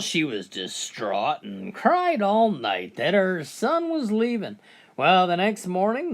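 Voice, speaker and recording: Woman joke narrator, scripted, animated countdown telling, swooping pitch.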